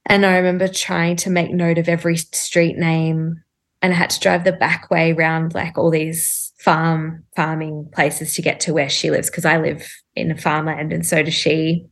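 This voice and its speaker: A woman speaks as a podcast guest, earnestly telling a personal story. Her voice sits low and carries a steady gravelly fry. She talks in loose, chatty runs full of fillers and her own remembered thoughts. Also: unhurried. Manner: earnest, recounting events with many "like" fillers and inner quotes.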